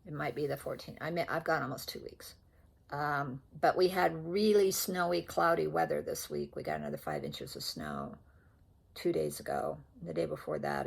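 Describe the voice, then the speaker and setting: A woman's voice: low voice, very animated, moderate pace, gravelly, husky. An older woman vlogging about her stitching at home, rambling and chatty and often correcting herself as she shows off her threads. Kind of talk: casual show-and-tell chat. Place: at home indoors.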